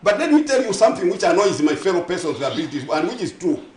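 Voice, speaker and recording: A man's voice: high voice, sing-song, rapid-fire, echoey room. A man with a Zambian accent, a guest on a morning TV talk show, arguing his point emphatically, stacking synonyms and asking if listeners follow him. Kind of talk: passionate on-air discussion. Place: TV studio.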